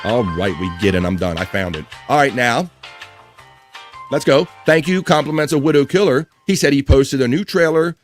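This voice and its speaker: A man's voice: mid-range voice, animated, normal speed, faint music behind. A man hosting a live stream, chatting casually and reading viewer comments aloud.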